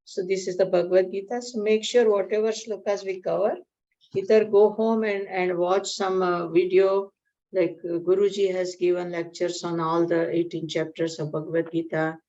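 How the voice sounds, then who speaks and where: Woman giving a gita class, lowish voice, chatty explaining, kinda muffled recording. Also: flat delivery, normal speed. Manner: warm and conversational, explains Sanskrit terms. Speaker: Gita study class teacher. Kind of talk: spiritual lecture with a joke. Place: community class room. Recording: dull lo-fi lecture recording.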